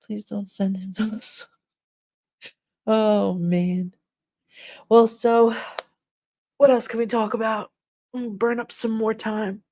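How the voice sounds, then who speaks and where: Talking straight to her chat, a middle-aged woman hosting a casual live stream rambles through everyday stories, laughing a lot and playing the characters in them. Her warm, mellow voice is medium in pitch and level in tone, and she speaks slowly with long pauses.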